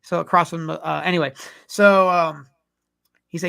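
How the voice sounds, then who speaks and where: A man co-hosting a podcast, telling a long rambling story full of swearing. His voice sits high, with a gravelly edge. The tone is bright and sharp. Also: steady tone, normal speed. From California. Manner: profane, rambling anecdotes. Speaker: podcast co-host. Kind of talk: casual storytelling.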